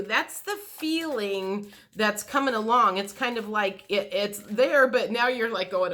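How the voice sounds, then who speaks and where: A woman talks through a tarot reading in a bright, clear voice pitched a little high. She chats loosely, repeats her words and slips into excited quoted reactions as she explains what she feels. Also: a little slow, hardly any pauses. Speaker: tarot reader. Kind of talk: intuitive tarot reading monologue.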